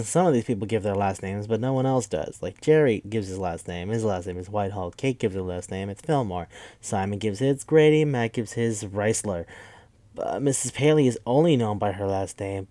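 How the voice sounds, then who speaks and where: A man casually recapping a movie plot, rambling, swearing, and acting out the characters' lines in quick bursts. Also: on the low side, expressive, mellow, no room sound. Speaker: podcast host.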